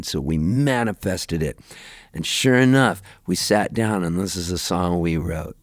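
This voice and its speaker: Low-voiced man telling animated stories. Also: moderate pace, no echo, studio quality. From Southern California. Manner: animated storyteller acting out friends' voices. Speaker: touring musician guest. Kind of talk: casual storytelling chat. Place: radio studio.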